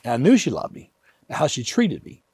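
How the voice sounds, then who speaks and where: A man in his fifties, an author telling personal stories in an earnest, animated way. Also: mid-range voice, normal speed, slightly rough, no echo. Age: 50s. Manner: animated, earnest, vivid retelling. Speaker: author and guest. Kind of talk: emotional personal storytelling.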